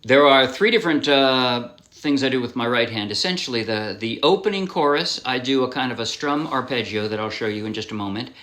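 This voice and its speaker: In this relaxed music tutorial, the ukulele instructor's mid-range, fairly bright voice moves briskly with few pauses. He rambles, frequently starts sentences over, and says sorry while explaining, as the ukulele plays behind him.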